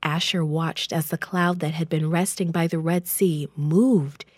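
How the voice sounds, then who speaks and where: A woman reading a children's Bible story aloud in a gentle, expressive storytelling voice. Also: low voice, a little slow, no room sound, clean studio sound.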